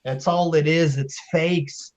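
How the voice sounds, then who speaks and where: Guy on a live stream, slow angry profane rant, slightly high voice. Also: steady tone, muffled recording. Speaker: podcast host. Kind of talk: profane ranting chat.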